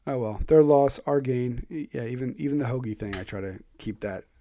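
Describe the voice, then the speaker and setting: A man's voice: mid-range voice, a little fast, dark tone, dry recording, clean studio sound. A man from Philadelphia with a faded Philadelphia accent, hosting a podcast in loose chat that trails off. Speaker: podcast host. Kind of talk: casual conversation.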